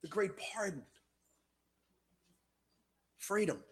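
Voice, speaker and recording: A man preaching a sermon with passion, shouting hard and then dropping to a low, quiet voice. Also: big pitch swings, drawn-out words. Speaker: pastor.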